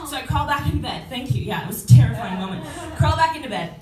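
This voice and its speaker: A woman in her twenties tells a stand-up comedy story to a club audience, her voice high-pitched with lively intonation, quick and barely pausing. She's chatty, laughing between lines and acting out quotes. Picked up by a distant mic, the roomy club sound carries audience murmur, laughter and noise.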